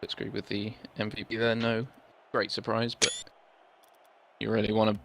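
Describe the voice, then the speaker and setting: Gravelly Irish man calling a game. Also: on the low side, monotone, noisy background. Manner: measured, analytical, with fillers. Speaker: esports commentator. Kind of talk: casual game commentary. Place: home desk.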